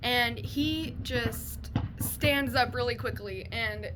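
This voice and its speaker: A woman's voice: on the high side, takes it slowly, noisy background. A young woman casually telling a frightening paranormal story, rambling and swearing as she goes. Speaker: storyteller sharing a paranormal experience.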